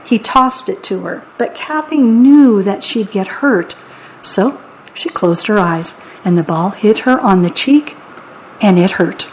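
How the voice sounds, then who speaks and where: Slow, wry woman reading a children's book. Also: medium pitch, animated, a little mellow, slight background noise, rough recording. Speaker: narrator. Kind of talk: children's audiobook narration.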